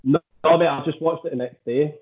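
Man, co-host, sweary teasing banter, higher pitch, thin phone-like audio. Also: fairly even intonation, brisk. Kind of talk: casual chat. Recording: tinny phone-like line.

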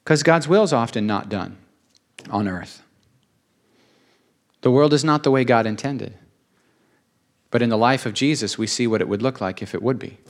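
A man's voice: mid-range voice, normal speed, pauses often. A man preaching a sermon, earnest and emotional, repeating phrases for emphasis.

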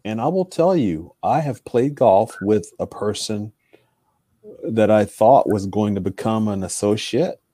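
A man co-hosting a podcast, speaking in a measured and thoughtful way. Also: lowish voice, lively intonation, warm tone, no room sound. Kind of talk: casual chat.

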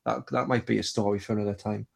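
A young man tells a long, rambling story, packed with fillers and casual swearing. His voice sits low and sounds husky. The talk is loose and chatty. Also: steady tone, fast talker. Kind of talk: casual chat.

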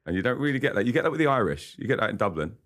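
Speaking in a slightly bright, mid-range voice, a male singer-songwriter sounds very animated and talks at a racing pace. He's a podcast guest in a studio, chatting casually, rambling, and laughing frequently.

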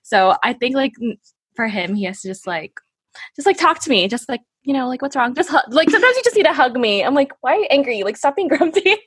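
Young woman on a zoom call, giggly, lots of likes, kinda husky, dry close sound. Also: sits high, big pitch swings, quick pace, dry recording. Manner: giggly, lots of fillers and laughter. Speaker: guest in a video call chat. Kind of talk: casual chat. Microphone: laptop or phone on a video call over a hotspot.

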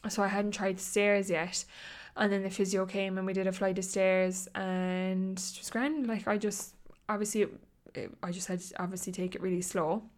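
A woman's voice: medium pitch, level tone, moderate pace, few pauses. An Irish woman in her twenties chatting casually and rambling, often laughing between her words. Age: 20s. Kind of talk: casual chat.

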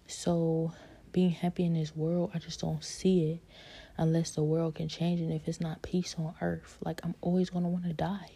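A woman giving a personal faith testimony in a soft, halting way, often slipping into a whisper. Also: low voice, little pitch movement, gravelly, breathy edge. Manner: fillers like "like" and "you know".

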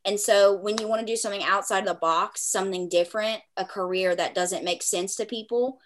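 A woman hosting a podcast in casual chat, talkative and quick to laugh, with lots of filler words. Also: mid-range voice, steady tone, slight background noise. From small town. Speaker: podcast host.

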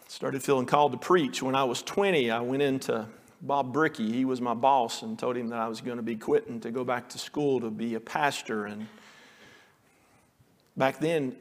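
The sound is big-room as a medium-pitched male pastor preaches earnestly. Now and then he voices the pleading lines of the story he's telling.

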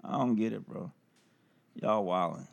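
A man in his forties chatting casually as a podcast host, animated and incredulous, full of street slang. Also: on the low side, measured pace, vocal fry. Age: 40s. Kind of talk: casual chat.

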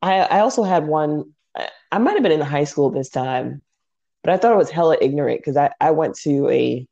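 A woman's voice: sits low, brisk, creaky, highs cut off. A woman from New York City, co-hosting a podcast, telling stories in a blunt, exasperated way. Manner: animated storyteller, blunt and exasperated. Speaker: podcast co-host. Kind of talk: casual chat.

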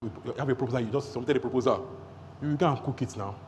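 A man with a Nigerian accent preaching a sermon, energetic, breaking into rapid tongues and shouts. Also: mid-range voice. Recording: long hall reverb, faint noise.

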